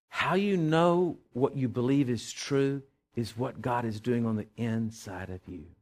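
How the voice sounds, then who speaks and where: Folksy pastor telling a story. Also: male voice, medium pitch, unhurried, few pauses. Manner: folksy storytelling, animated quotes. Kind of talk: sermon with personal story.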